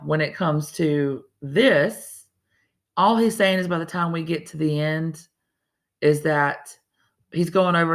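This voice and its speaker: Woman teacher, slightly gravelly, talking casually through a lesson. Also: deep voice. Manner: casual, chatty, restarts often. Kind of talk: recorded classroom lesson.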